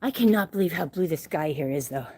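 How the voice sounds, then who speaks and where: A woman's voice: sits low, lively intonation, fast talker, mellow, a little hiss or hum. A middle-aged woman from Utah, out of breath as she walks and exercises outdoors, rambling chattily into her phone and laughing often. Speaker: livestream host. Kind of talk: casual live-stream chat while exercising. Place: outdoors, walking.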